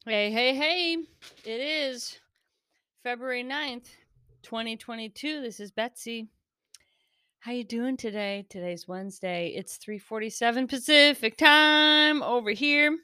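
A woman's voice: on the high side, measured pace, sharp tone, smooth, dry recording, studio quality. A woman, hosting a casual solo podcast, a little shaky from caffeine, rambling and giggling as she talks. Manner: rambling, giggly, self-interrupting. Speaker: podcast host.

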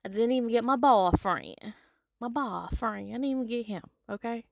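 A woman hosting a solo podcast, talking in an animated, casual way with some swearing, swinging from loud to soft. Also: a little high, normal speed, vocal fry, dry recording, studio quality. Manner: casual, with profanity and y'all. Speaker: podcast host. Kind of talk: solo motivational podcast monologue.

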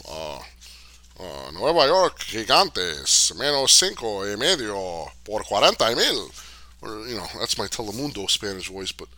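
The podcast host, a middle-aged man, has a fairly low, sharp voice. He chats in a casual, rambling way and reads out viewer questions, responding with streetwise looseness, plenty of filler words and swearing.

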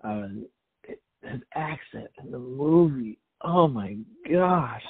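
Husky man, sarcastic podcast movie chat, rambling, tinny phone-like sound. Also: medium pitch, animated, takes it slowly. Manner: wry, rambling, sarcastic humor. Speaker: podcast co-host. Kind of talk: casual movie review chat.

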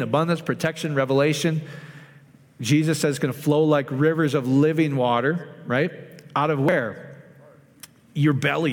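A man preaching in a relaxed, conversational way, often turning questions to his listeners. His voice climbs noticeably higher when he gets worked up, and a long reverb trails each phrase in the hall. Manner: conversational, asks the audience questions, rises in pitch when excited. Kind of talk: informal sermon to a small group.

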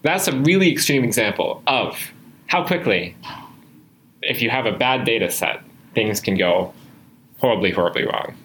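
Man, podcast host, casual explaining, lots of fillers, bright tone, faint hiss. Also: medium pitch, animated, normal speed, pauses often, low-quality recording. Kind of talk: podcast conversation.

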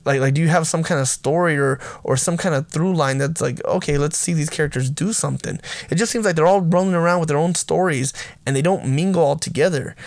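Gravelly-voiced guy rambling through a movie review. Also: fairly high pitch, no room sound. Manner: enthusiastic, rambling with frequent restarts and fillers; laughs often while talking. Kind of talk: casual spoken film review.

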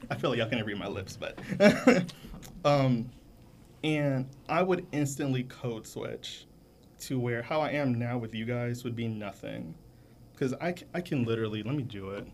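Relaxed man chatting on a podcast. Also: medium pitch, moderate pace, a little hiss or hum. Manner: relaxed storytelling, acts out voices. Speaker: podcast co-host. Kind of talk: casual chat.

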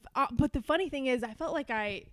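A woman's voice: high voice, fairly bright tone, no echo, studio quality. A woman co-hosting a podcast in casual, jokey chat. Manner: chatty, jokey, talks in quick asides. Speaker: podcast co-host.

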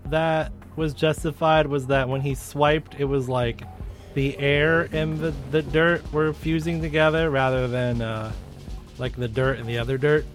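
A man's voice: fairly high pitch, fairly even intonation, unhurried. A young man co-hosting a podcast, talking casually with many fillers and restarts. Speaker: podcast co-host. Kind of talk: casual chat. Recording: faint music underneath.

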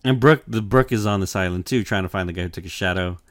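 A man's voice: low-pitched, quick pace, no room sound, clean studio sound. A young man chatting casually on a podcast, laid-back and full of "like" fillers, swearing and laughing as he recaps an anime. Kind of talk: casual chat.

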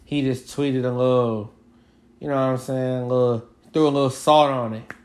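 A man's voice: medium pitch, steady tone, moderate pace, a little mellow. Male podcast co-host, loose rambling sports talk, mid-range voice. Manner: rambling, lots of fillers and restarts. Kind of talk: casual sports chat.

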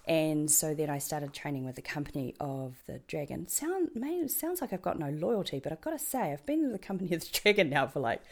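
A woman's voice: low-pitched, animated, quick pace, few pauses, a little mellow. A woman with a New Zealand accent, a guest chatting in an interview, rambling along with lots of ums and restarts and laughing at her own jokes. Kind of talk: casual interview chat.

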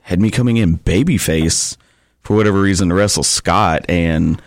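Guy, real low voice, laid back wrestling stories, lots of ums, dry mic. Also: normal speed, no echo. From Tennessee, USA. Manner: relaxed storytelling with frequent fillers. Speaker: guest pro wrestler. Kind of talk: casual podcast chat.

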